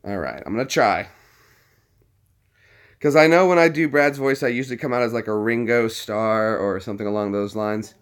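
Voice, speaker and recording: A man's voice: lowish voice, normal speed, smooth. Rambling, chuckling male vlogger. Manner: rambling, chuckling, thinking aloud while browsing. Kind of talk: casual vlog chat.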